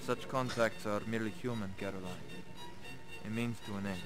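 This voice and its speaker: An actor playing a suave Russian gallery owner. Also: male voice, lowish voice, steady tone, brisk, music in the background, close to an everyday voice. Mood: courtly. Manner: formal, smooth, courtly. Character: suave middle-aged male Russian art gallery owner. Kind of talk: 1990s game video acting.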